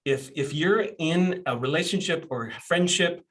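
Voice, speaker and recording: A man in his forties hosting a casual podcast, telling stories in a blunt, animated way. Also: a little high, measured pace. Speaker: podcast host and coach.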